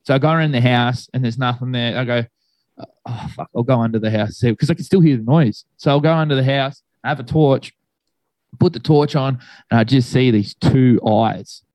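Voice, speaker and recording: A man's voice: mid-range voice, moderate pace, darkish tone, no echo, low-quality recording. A young man telling a ghost story to friends in a rambling, casual way, full of fillers and swearing.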